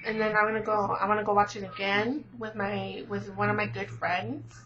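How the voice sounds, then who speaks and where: A woman's voice: mid-range voice, fairly even intonation, moderate pace, music in the background. A teenage girl vlogger rambling in casual chat, gushing with lots of fillers. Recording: dull lo-fi webcam audio.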